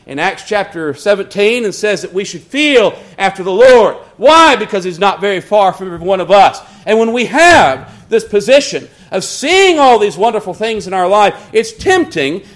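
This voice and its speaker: A middle-aged man preaching a sermon, earnestly quoting scripture and slowing down on key words. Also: big pitch swings. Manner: wry storytelling asides in a lower, quieter voice.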